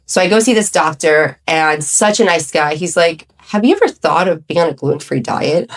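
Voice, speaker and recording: A woman around forty, a podcast guest telling her own story in casual chat, animated and acting out what others said. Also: sits low, moderate pace. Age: 30s. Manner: animated storytelling with quoted voices.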